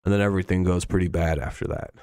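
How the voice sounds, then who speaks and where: A low-pitched man fires off words rapidly in a steady, darkish tone, with no echo and studio-quality audio. As a sports streamer doing a casual NFL preview, he jokes around, rambles, and swears frequently.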